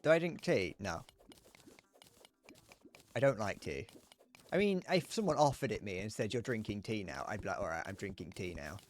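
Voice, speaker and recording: A man's voice: fairly low pitch, very animated, normal speed, pauses often, faint music behind. A man with a British accent chatting casually to his live-stream audience while gaming, rambling through restarts and crude remarks. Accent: British English. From Britain. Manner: rambling and crude, answering chat with frequent restarts.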